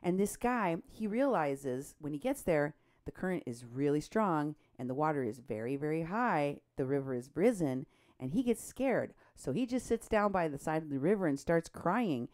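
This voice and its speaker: A woman co-hosting a political talk show, animated and indignant, her voice jumping up when she is outraged. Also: low-pitched, moderate pace. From Mexico. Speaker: co-host.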